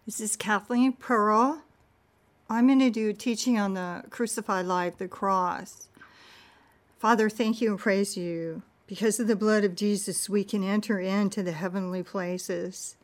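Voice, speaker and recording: A woman's voice: medium pitch, steady tone, moderate pace. A woman preacher who prays with earnest, fervent repetition and then reads scripture aloud with dramatic emphasis. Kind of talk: prayerful sermon and scripture reading.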